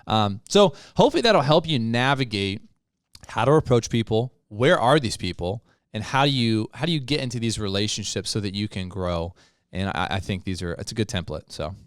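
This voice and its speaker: A young man co-hosting a casual podcast, his voice smooth and clean with a dry, close sound. He tells stories in an easygoing way and breaks into laughs as he talks. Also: fairly low pitch, animated, brisk, no room sound. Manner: laughs often while telling stories. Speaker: podcast co-host.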